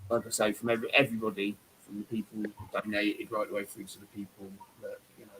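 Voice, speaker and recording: A man's voice: fairly low pitch, flat delivery, fast talker, fairly bright tone, slight background noise, low-quality recording. A man hosting a casual live-stream chat, rambling and effusive, with lots of fillers and restarts. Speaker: host.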